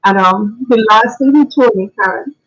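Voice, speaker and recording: A woman's voice: mid-range voice, normal speed, low-quality recording. Earnest woman giving a radio tribute. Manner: earnest, reflective, sometimes laughing; faith-filled, preacher-like phrasing. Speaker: radio guest.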